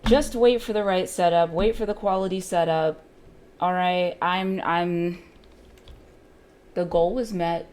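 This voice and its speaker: Woman day trader muttering and swearing at the charts, kinda low voice, unhurried. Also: a little mellow, a little hiss or hum. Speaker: day trader streaming her session. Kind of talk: live trading commentary.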